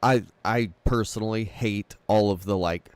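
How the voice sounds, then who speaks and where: A man's voice: on the low side, no room sound. A man in casual film talk, rambling through plot retellings and laughing often. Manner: rambling, laughs often, retells scenes in quick quoted voices. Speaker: film podcast host.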